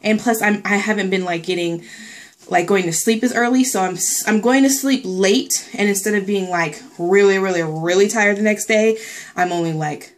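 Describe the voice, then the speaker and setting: A woman's voice: medium pitch, normal speed. A young woman talks through a casual vlog update in a loose, rambling way, full of fillers. She sounds a little out of breath as she chats. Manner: chatty, rambling, lots of fillers and likes. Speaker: pregnancy vlogger.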